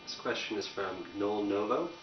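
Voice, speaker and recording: A man's voice: on the low side, moderate pace. A man reading out fan questions plainly, recorded from a distance in a roomy space. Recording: distant, roomy, dull recording with faint noise.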